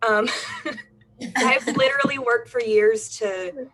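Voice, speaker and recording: A woman's voice: fairly high pitch, slow pace, a bit bright, poor audio. A woman with a Southern US accent giving a hesitant, self-conscious, giggly introduction on a video call. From Southern United States. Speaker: treatment center representative.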